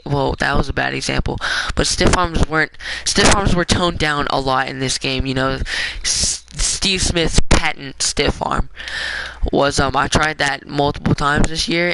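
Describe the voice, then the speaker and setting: A young man with a raspy, smoker-like voice, giving rambling, offhand commentary while streaming a game. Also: on the high side, heavy background noise. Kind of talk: casual gameplay commentary.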